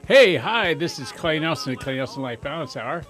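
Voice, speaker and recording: A man hosting a radio talk show in a studio, talking with high energy and joking at his own expense. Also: animated, moderate pace, a bit bright, soft background music. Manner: high-energy, jokey, self-amused. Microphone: studio microphone.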